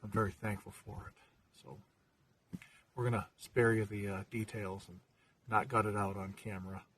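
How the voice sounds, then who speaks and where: A man casually chatting about his hunt in a relaxed vlog manner, outdoors in the woods, filmed by someone else. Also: fairly low pitch, moderate pace, a little hiss or hum. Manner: chatty, easygoing, fillers. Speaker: hunting vlogger. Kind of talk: casual hunting vlog talk. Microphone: camera held by another person, from a distance. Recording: voice from some distance.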